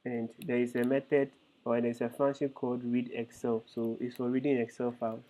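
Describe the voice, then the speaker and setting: A man's voice: medium pitch, flat delivery, fairly quick, mellow. A male instructor explaining code step by step in a live online lesson, hesitant with frequent fillers. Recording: tinny phone-like call audio.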